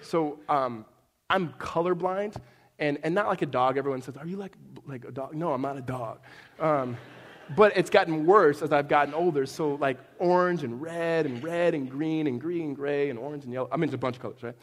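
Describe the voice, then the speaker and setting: A man's voice: fairly high pitch, normal speed. A middle-aged man preaching a sermon in a casual, conversational way, telling jokey stories and checking in with "right?" asides. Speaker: pastor. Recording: long hall reverb.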